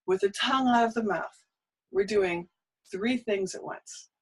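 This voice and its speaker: A woman teaching a singing lesson, guiding vocal warm-ups with short prompts and often running out of breath. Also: fairly high pitch, a little slow, husky, low-quality recording. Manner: encouraging, cueing exercises with short prompts. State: out of breath between exercises.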